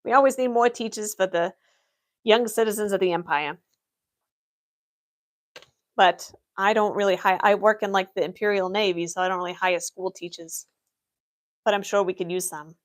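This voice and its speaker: Her mid-range voice moves at normal speed but leaves long pauses. The young adult woman is livestreaming as an Imperial office worker, answering chat in character with understated, matter-of-fact humor.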